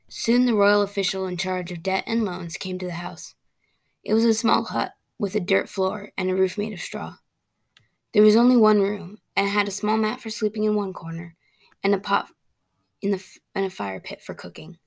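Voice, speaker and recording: A woman reading a fairy tale aloud as a storyteller, plain and steady, with small slips and restarts. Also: mid-range voice, moderate pace, gravelly.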